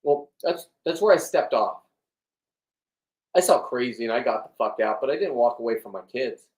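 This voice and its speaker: A man's voice: medium pitch, animated, moderate pace, darkish tone. A middle-aged man in a rambling, blunt vlog monologue, swearing often and restarting his sentences. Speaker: vlogger. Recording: echoey room, distant from the mic.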